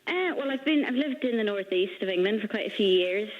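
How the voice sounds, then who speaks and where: A woman's voice: medium pitch, animated, fairly quick. Northern Irish woman caller, sentences lift at the end, muffled line. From Northern Ireland. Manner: upward inflection at sentence ends. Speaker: radio caller, supply teacher. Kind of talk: phone-in chat.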